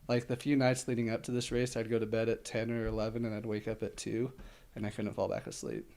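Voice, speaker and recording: A man's voice: lowish voice, quick pace, creaky, darkish tone. Rambling, breathless man in a casual chat. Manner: rambling, filler-heavy, laughs easily. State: slightly out of breath. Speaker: ultramarathon runner guest.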